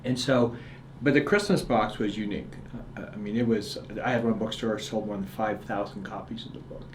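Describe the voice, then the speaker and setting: A middle-aged man appears as a guest author, telling a story in conversation and animatedly acting out the people in it. His voice sits on the low side and moves fairly quickly. The room is echoey, with faint ambient noise.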